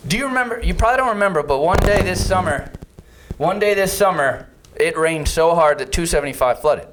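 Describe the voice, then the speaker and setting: A man co-hosting a casual comedic talk show, teasing his partner and telling stories with quick wit. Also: on the high side, expressive, fairly bright tone, a little hiss or hum, rough recording. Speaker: co-host.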